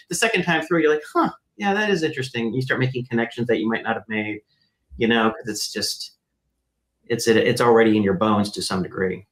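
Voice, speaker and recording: A man as an interview guest, telling a story in a lively conversational way and acting out quoted voices. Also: mid-range voice, roomy sound, low-quality recording. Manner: animated, acts out quoted voices. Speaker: guest, math program founder.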